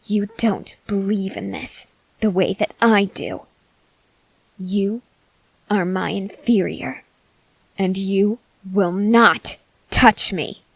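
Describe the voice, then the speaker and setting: A woman voicing an arrogant, unhinged young male cult leader in a whispered role-play, slow and intense, swinging between whispers and sharp outbursts. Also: medium pitch, creaky, slightly rough, no room sound, exaggerated voice, low-quality recording. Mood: haughty. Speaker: ASMR voice actor.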